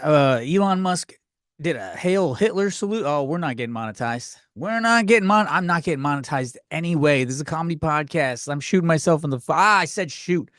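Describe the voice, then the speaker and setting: A man's voice: on the high side, expressive, fairly quick, fairly bright tone, no echo, clean studio sound. A man hosting a solo comedy podcast, rambling from thought to thought and poking fun at himself. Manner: rambling, scattered, self-mocking. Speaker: podcast host.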